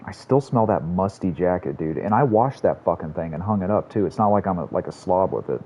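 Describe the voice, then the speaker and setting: A man's voice: deep voice, lively intonation, brisk, mellow, husky, muffled recording. A man streaming a game, chatting casually and rambling with lots of swearing and self-mocking asides. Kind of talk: casual gameplay chat.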